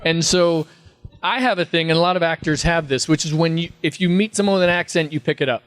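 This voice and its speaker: A man's voice: fairly high pitch, fast, fairly bright tone, clean tone. A man telling rambling, funny anecdotes in a casual Q&A at a fan convention. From Texas. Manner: rambling storyteller, slips into impressions and laughs. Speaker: convention panel guest.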